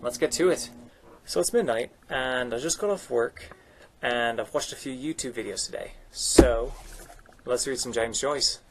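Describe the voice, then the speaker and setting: A man's voice: mid-range voice, a little slow. Young guy, webcam vlogger, mid-range voice, chatty and self-mocking, faint hiss. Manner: upbeat, self-deprecating, chatty. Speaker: vlogger learning an accent. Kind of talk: casual self-recorded vlog. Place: home at night.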